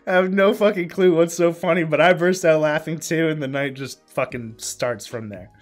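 A man in his twenties telling a story from his past in a casual vlog, swearing freely, breaking into laughter mid-sentence and filling pauses with ums. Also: on the high side, faint music behind. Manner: lots of ums and uhs. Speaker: vlogger.

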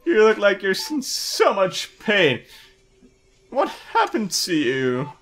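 A fretting, doting mother at a hospital bedside, read out by a man playing a game, her voice a touch higher and softer than his own. The delivery stays lively in pitch, anxious and caring as she fusses over her hurt child. It sounds like a video game scene voiced on the fly. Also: slow pace, full character voice. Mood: fretful. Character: worried fussing mother at a hospital bed.

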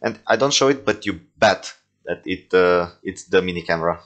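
A young man with a deep, low voice casually comments on his own homemade toy films, rambling with frequent "uh"s and self-corrections. English isn't his first language; he talks at a moderate pace in a slightly bright tone over soft background music.

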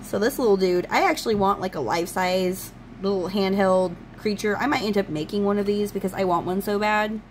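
A woman's voice: mid-range voice, brisk, hardly any pauses, slight background noise, poor audio. Gushing woman unboxing a card deck. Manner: gushing, enthusiastic fan talk. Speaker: channel host. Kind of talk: casual unboxing chat.

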